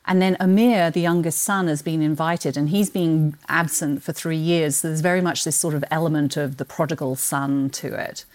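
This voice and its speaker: British woman w a bit of aussie twang, animated book chat, lowish voice. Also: moderate pace, hardly any pauses. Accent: British with a slight Australian twang. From Britain. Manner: animated, laughs often. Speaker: guest, books marketing executive. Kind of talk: casual podcast chat about books.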